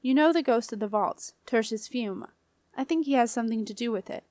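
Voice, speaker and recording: A woman's voice: fairly high pitch, a little fast, darkish tone, dry recording, studio quality, natural voice. Uneasy earnest young man read by a woman, hesitant, apologetic.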